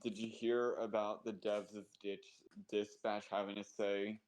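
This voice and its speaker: A man's voice: fairly low pitch, flat delivery, a little slow, darkish tone, low-quality recording. A man streaming live, chatting casually and rambling about his dogs and prices with loose, profane talk. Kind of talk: casual chat.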